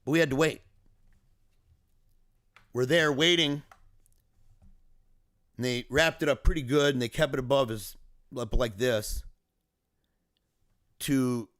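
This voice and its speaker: A man's voice: medium pitch, a bit bright, no room sound, studio quality. A man speaking earnestly and emotionally in a personal video diary, recounting a family emergency as a father. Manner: earnest, emotional, reflective storytelling.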